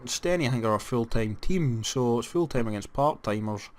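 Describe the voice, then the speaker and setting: A young Scottish man giving casual let's-play commentary on a football management game, moving from flat disappointment to excited shouts. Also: medium pitch, moderate pace, a little hiss or hum. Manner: animated, jumps to excited shouts at goals. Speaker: gaming commentator.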